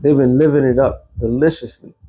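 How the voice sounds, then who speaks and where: A man's voice: mid-range voice, fairly even intonation, a little fast, warm tone, slightly rough, lo-fi sound, soft background music. A man giving a casual, rambling religious commentary as an online host, blunt and quoting scripture.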